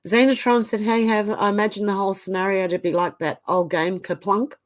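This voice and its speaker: A woman's voice: mid-range voice, fairly even intonation, fairly quick. A middle-aged Australian woman hosting a live stream, reading viewer comments aloud and reacting chattily while getting over the flu with a cough. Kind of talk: casual live-chat reading.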